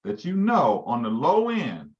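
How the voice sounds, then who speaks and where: A man's voice: mid-range voice, wildly swooping pitch, a little slow, a little mellow, highs cut off. A man leading a live training session for real estate agents, quizzing his listeners as he goes. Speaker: real estate team leader teaching agents.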